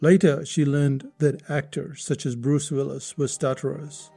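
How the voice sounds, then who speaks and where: Guy hosting a writing podcast, mellow kinda high-ish voice, asks the listener lots of questions. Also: level tone, measured pace, creaky, breathy edge, faint music behind. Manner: explanatory, poses questions to the listener. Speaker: podcast host teaching writing. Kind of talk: podcast lesson with rhetorical questions.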